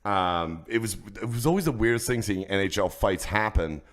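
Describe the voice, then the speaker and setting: A man's voice: fairly low pitch, moderate pace. A man, a comedian telling rowdy stories on a casual podcast and acting out the people in them. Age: 30s. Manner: profane, animated storyteller acting out quotes. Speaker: comedian guest.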